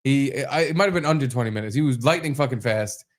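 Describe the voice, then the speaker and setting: A young man co-hosting a podcast in loose, swearing chat. He tells a story and slips into quoted voices as he goes. His pitch sits in the middle for a man. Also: fast talker. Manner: profane, acts out quoted voices in stories. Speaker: podcast co-host. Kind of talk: casual chat.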